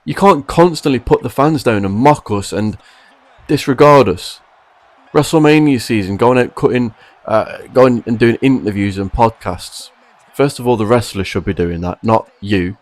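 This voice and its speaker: A man's voice: medium pitch, moderate pace, dry recording. A man delivering a frustrated, emphatic opinion rant to camera about wrestling. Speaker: wrestling commentary vlogger.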